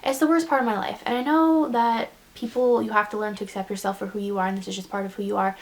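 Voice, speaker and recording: Rambling young woman with a gravelly edge. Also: mid-range voice, fairly even intonation, quick pace. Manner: rambling, self-deprecating, lots of "like". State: close to tears. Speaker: beauty vlogger. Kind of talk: casual confessional vlog.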